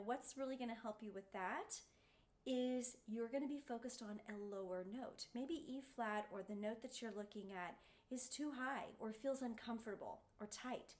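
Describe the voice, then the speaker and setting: Woman singing coach, bright, higher voice, encouraging, breaks into sung vowels to show the sound. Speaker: voice teacher. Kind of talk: singing lesson.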